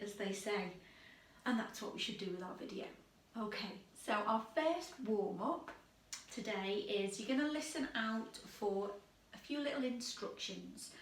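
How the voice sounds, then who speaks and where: A woman leading a drama warm-up video, chatty and lively, calling out game commands with energy. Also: medium pitch, recorded from a distance. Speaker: drama workshop leader. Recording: echoey room, voice away from mic.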